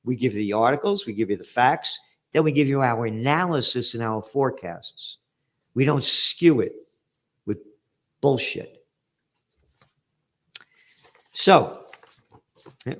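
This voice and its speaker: A man's voice: mid-range voice, animated, takes it slowly, pauses often, fairly bright tone. An older American man hosting an opinionated current-affairs commentary, blunt and profane with sarcastic outbursts. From United States. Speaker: host.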